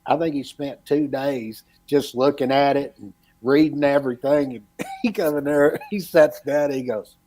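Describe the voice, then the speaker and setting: A man's voice: mid-range voice, normal speed, mellow. A man hosting a casual podcast about electrical training, talking in a rambling, storytelling way. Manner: rambling storyteller with frequent restarts. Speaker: podcast host and electrical educator.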